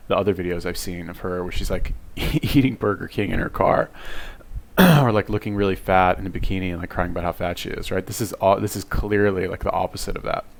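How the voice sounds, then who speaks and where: Low, gravelly man rambling casually. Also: brisk. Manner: rambling, lots of fillers and restarts. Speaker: reaction video commentator. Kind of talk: casual commentary.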